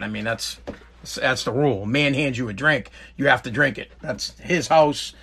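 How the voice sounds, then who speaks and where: A man with a mid-range, husky voice hosts a talk show at normal speed, rambling through a casual story with many restarts and reading viewer comments aloud. He gets animated when quoting others in the story.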